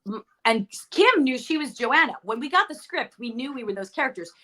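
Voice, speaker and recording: A middle-aged actress guest telling stories in a chatty interview, often correcting herself mid-sentence. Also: female voice, high voice, lively intonation, fairly quick, fairly bright tone. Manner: chatty, storytelling, self-correcting. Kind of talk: casual interview chat.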